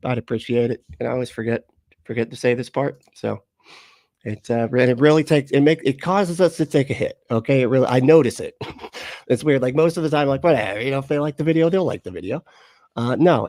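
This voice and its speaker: A man's voice: medium pitch, darkish tone, no room sound. Man, livestream host, casual, profane, laughing, dry close sound. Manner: profane, laughs often, chats with viewers.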